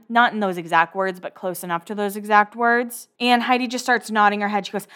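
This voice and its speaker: A woman's voice: mid-range voice, steady tone, fairly quick, few pauses, a bit bright. Chatty woman with sarcastic asides. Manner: rambling, sarcastic asides, self-corrections. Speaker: podcast host recapping a reality show. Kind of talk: casual chatty recap.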